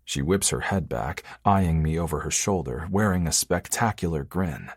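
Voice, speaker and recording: A man reads a first-person romance audiobook in a very deep, husky voice. His delivery is low, intimate and measured. The recording is close and dry. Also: expressive, no room sound. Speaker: audiobook narrator.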